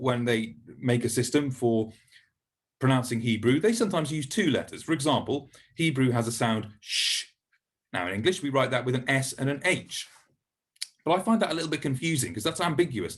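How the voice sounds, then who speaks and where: Man teaching with slow patient speech. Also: mid-range voice. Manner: patient, explains step by step and models each sound. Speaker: language teacher. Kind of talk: teaching lesson.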